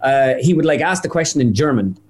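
A young man chats easily as an interview guest. He tells his stories quickly and casually and keeps dropping in asides. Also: mid-range voice, animated. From Ireland. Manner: chatty anecdotal storyteller, quick with asides. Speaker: guest, impressionist.

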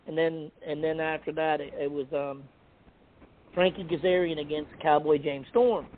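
A man's voice: fairly high pitch, normal speed. A middle-aged man telling a funny story in casual chat, laughing and acting out what people said. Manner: animated, laughing, acts out quotes. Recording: tinny phone-like sound.

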